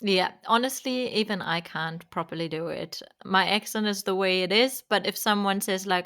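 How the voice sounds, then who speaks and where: A woman hosts a relaxed chat with her guest. Her voice is smooth and clear, at an ordinary pitch for a woman. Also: normal speed, hardly any pauses. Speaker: host. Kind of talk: casual chat.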